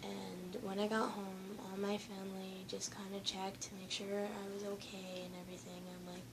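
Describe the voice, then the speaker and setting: A teenage girl shakily retelling a frightening school lockdown in a rambling personal vlog, at times quiet and at times loud. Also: mid-range voice, little pitch movement, normal speed, background noise. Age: teens. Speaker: student.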